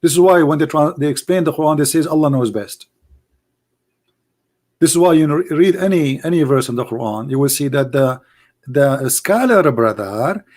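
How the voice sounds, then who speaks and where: Hoarse, mocking male debate host. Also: on the high side, expressive, moderate pace, darkish tone. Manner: mocking, combative, repeats phrases for emphasis. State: losing his voice, coughing. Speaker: host of a live call-in debate stream. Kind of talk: live call-in debate, addressing callers and viewers.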